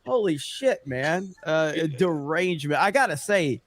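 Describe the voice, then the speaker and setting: A man hosting a casual online panel chat, laughing often and swearing as he gets excited. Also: a little high, a little slow. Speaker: show host.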